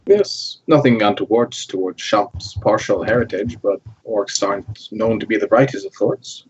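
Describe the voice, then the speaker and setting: A man's voice: fairly low pitch, moderate pace, lo-fi sound, slight background noise. A man playing in a tabletop game, speaking formally and with scheming suggestions. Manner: formal, scheming in-character phrasing. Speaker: player. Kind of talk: casual tabletop play.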